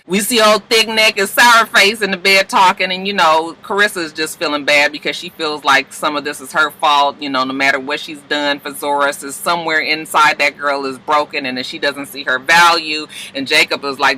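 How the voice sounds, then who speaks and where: Guy doing a gossipy tv recap vlog, super bright voice, high pitched. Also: moderate pace, few pauses, rough recording. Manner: animated, gossipy, lots of exclamations. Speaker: TV show reviewer.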